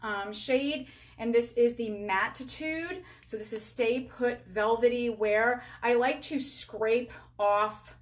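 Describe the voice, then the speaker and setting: Her voice runs on the high side, with a little hiss or hum in the audio. She's a beauty sales rep in her forties doing a casual makeup tutorial on a live stream, chatty, upbeat and poking fun at herself while talking to viewers and to herself, filmed on a camera with a halo light.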